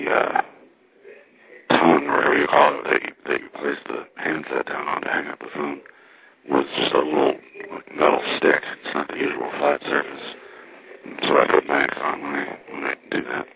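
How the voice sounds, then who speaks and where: A man's voice: a bass voice, creaky. A man talking casually in a rambling, dry way while out walking in a windy, cold city. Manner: rambling, dry, with frequent restarts. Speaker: vlogger. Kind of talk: casual walking vlog monologue. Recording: tinny phone-like recording.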